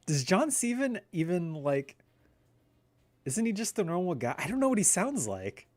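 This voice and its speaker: A man's voice: high voice, sing-song, normal speed, a little mellow. A young man streaming a game live, chatting casually with lots of laughter and rambling asides. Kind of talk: casual live gameplay chat.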